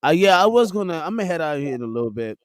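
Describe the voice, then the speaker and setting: A man's voice: fairly high pitch, rapid-fire, no echo, studio quality. A man co-hosting a podcast, welcoming listeners and telling stories with friends in a joking manner. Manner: animated, storytelling, joking. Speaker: podcast co-host. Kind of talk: casual chat.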